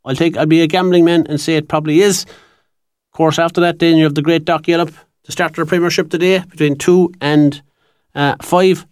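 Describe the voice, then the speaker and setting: Irish local radio guy rambling thru the notices, bit high, dry studio mic. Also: steady tone, fairly quick, a little mellow, clear, resonant tone, dry recording. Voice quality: chatty, rambling, loses his train of thought. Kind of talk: casual radio announcements and sign-off. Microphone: studio microphone.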